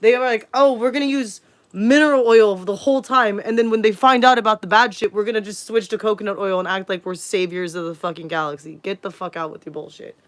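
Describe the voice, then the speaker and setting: A woman's voice: mid-range voice, fairly even intonation, quick pace, hardly any pauses. A woman in her thirties ranting casually on a livestream, profane, rambling and emphatic.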